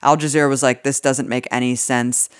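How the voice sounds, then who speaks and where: A woman's voice: rumbling low, steady tone, fairly quick, clear, resonant tone, no room sound. A woman co-hosts a political talk podcast in a casual, indignant way. She swears freely and fills her talk with "like." Her voice sits close and dry, with no room around it. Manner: indignant, profane, many "like" fillers. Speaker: podcast co-host.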